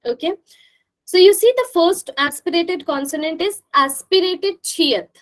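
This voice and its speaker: High-voiced woman teaching pronunciation drills. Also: a little slow, low-quality recording. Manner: patient, repetitive drilling, frequent "right?" checks. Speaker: language teacher. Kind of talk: live online class.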